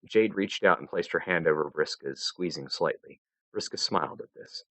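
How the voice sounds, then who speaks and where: Low-voiced man reading a story aloud. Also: moderate pace, dry recording, lo-fi sound. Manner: expressive storytelling narration. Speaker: fanfiction reader. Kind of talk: live reading of fan fiction.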